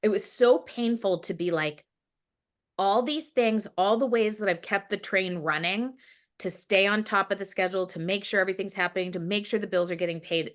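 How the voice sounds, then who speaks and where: A woman's voice: fairly low pitch, a bit bright. A woman telling a personal story in a casual interview, rambling with many fillers and acting out her own past words. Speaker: guest.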